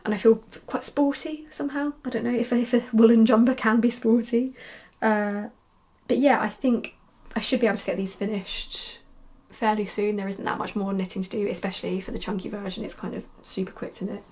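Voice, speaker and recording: A woman's voice: fairly high pitch, steady tone, a little fast, a little mellow. A young woman, chatty and rambling, talking casually about her knitting projects with frequent ums and restarts. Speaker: knitwear designer podcaster.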